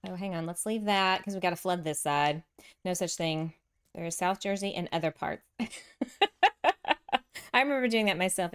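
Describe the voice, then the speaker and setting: A woman's voice: on the low side, fairly bright tone. A woman with a Texan accent hosting a casual game livestream, chatting with viewers and laughing often. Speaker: livestream host. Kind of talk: casual livestream chat while playing.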